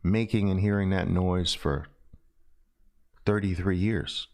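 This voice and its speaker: A middle-aged man teaching a trading lesson over a screen share, animated and repetitive, with loud "boom" exclamations. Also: takes it slowly. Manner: animated, punctuates with loud "boom" and repeats phrases. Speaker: trading instructor.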